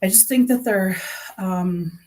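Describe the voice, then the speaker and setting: A woman's voice: medium pitch, slow, mellow. Rambling middle-aged woman vlogger. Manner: rambling, with many fillers and restarts; earnest and aggrieved. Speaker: true crime YouTuber. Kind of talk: casual talk to camera.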